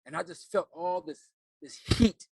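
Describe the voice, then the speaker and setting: A middle-aged man, an actor turned life coach, telling a personal story in an earnest, halting way and often repeating words as he remembers. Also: high voice, a little mellow, husky, no room sound.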